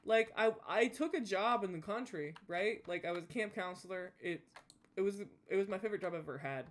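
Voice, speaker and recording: Brief: young gamer, Southern drawl, loose rambling chat, mid-pitched voice. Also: fairly quick. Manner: rambling, full of "like" and restarts. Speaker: gaming YouTuber. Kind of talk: casual chat while gaming.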